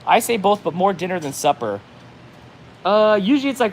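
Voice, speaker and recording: A man's voice: a little high, very animated, quick pace, darkish tone, slight background noise. Chatty man rambling on a livestream. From New England. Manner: rambling, lots of "like", reads chat aloud. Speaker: livestream host. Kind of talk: casual livestream chat.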